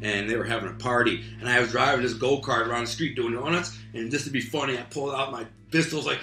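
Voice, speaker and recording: Man, streetwise storyteller, bright voice, echoey room, faint music behind. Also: mid-range voice, fast. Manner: streetwise, animated, acts out voices and sound effects. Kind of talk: casual spoken storytelling.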